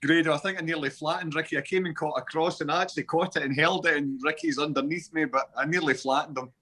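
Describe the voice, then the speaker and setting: A man's voice: a little high, steady tone, fast, sharp tone, breathy edge. A Scottish man in his forties, a football podcast guest telling stories in casual chat with local slang. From Scotland. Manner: chatty storytelling with local slang.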